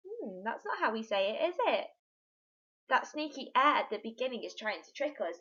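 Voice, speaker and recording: A woman teaching a remote lesson to young children, slow and encouraging, in a sing-song teacher's voice. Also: sits high, very animated, fairly bright tone. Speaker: primary school teacher. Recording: dull lo-fi sound.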